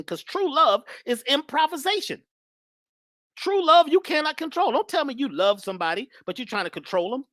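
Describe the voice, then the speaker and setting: Animated woman giving a spiritual talk. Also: high voice, no echo, studio quality. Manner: animated, emphatic, preachy. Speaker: guest speaker. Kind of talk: spiritual talk, casual conversation.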